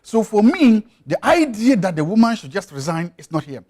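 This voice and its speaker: A man's voice: sits high, sing-song, moderate pace, a little mellow. A man, a studio guest on a television talk show who makes his points emphatically and insistently, often repeating them.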